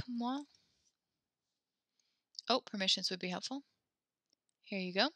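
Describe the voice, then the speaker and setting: A woman teaching a French class, giving brisk instructions that mix English and French and often correct herself mid-sentence. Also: medium pitch, sharp tone, no room sound.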